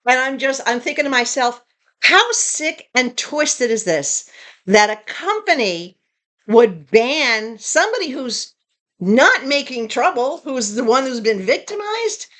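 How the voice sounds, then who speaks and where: A woman with a fairly high voice and lively, swooping pitch, talking straight to her viewers. She retells things in an animated, indignant way, in a casual vlog style. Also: a little slow. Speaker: tiny home vlogger.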